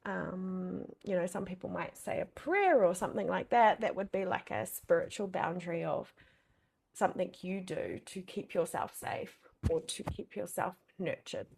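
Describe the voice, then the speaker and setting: A woman's voice: on the low side, normal speed, vocal fry, darkish tone, breathy edge. A young adult woman coach giving a casual masterclass, chatty with many fillers and frequent swearing. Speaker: boundaries coach.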